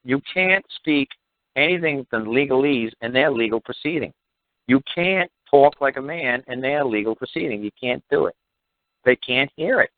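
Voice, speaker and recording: A man on a talk show call, explaining court procedure in an emphatic, repetitive way and mocking officials with quick impressions. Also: mid-range voice, animated, no room sound. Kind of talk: animated phone-in talk. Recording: tinny phone line, dry.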